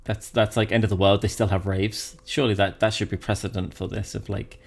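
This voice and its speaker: A man from Britain co-hosting a podcast in casual chat, animated and rambling, often restarting his sentences. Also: lowish voice, brisk, gravelly. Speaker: podcast co-host.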